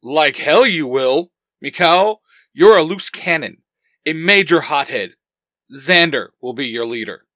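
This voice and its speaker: A confident hunter commander handing out orders with brisk authority, as a man puts him on. The voice is fairly high for a man and sounds close and dry in a storybook reading. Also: animated, bright, forceful tone, dry recording. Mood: commanding. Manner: authoritative, upbeat.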